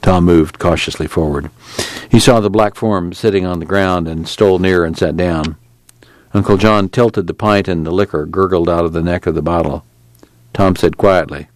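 Deep-voiced man reading a novel. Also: fairly even intonation, normal speed, dry recording. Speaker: audiobook narrator. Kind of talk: scripted narration with acted dialogue.

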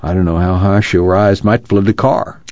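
A man reading an audiobook, voicing a tired, guilt-stricken farmer father who pleads in halting words, in a dull lo-fi radio recording. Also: low-pitched, fairly even intonation, darkish tone, no room sound, lightly acted. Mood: pleading.

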